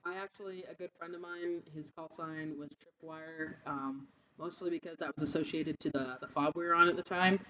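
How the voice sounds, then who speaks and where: A woman's voice: low-pitched, steady tone, normal speed, bright, forceful tone. A woman co-hosting a casual veterans' podcast, joking in slang with some swearing. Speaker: podcast co-host, Marine veteran. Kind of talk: casual chat. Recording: dull lo-fi sound.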